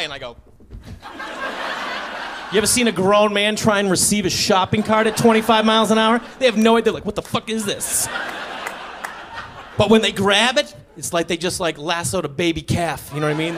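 A man's voice: on the high side, background noise. A man doing a stand-up set, telling stories and acting out both sides of his conversations. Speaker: stand-up comedian. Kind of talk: stand-up set before a live audience. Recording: stage recording with audience laughter.

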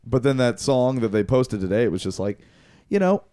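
Male podcast host, relaxed tone, dry mic, chatty and loose. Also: medium pitch, fairly quick, dry recording. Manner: rambling, laughing, lots of fillers. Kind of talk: casual chat.

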